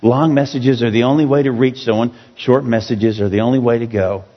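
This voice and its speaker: In a church sanctuary, a pastor preaches a sermon loosely and conversationally, poking fun at himself. He speaks fairly quickly at a medium pitch with fairly even intonation, captured in a dull, echoey hall recording.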